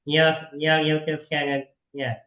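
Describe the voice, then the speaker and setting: A man's voice: fairly high pitch, flat delivery, a little slow, bright, forceful tone, reverberant, lo-fi sound. A man interviewing a guest over a video call in a casual, chatty way, laughing often and encouraging the guest.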